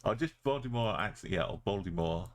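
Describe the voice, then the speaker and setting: A man with a low, expressive voice streams live at a fairly quick clip, thinking aloud as he plays. He chats casually with his viewers in easygoing gameplay commentary.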